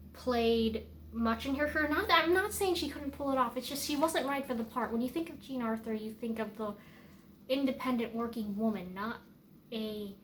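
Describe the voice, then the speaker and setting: A woman's voice: a little high, slight background noise. A woman giving casual, rambling film commentary as a vlogger, chatty and opinionated, with many fillers and restarts.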